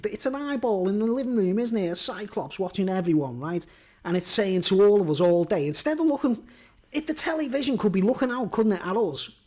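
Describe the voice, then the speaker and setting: A man's voice: sits high, a little mellow. A man talking to camera in a rambling monologue, full of tag questions like "right?" and "you know what I mean?". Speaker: vlogger.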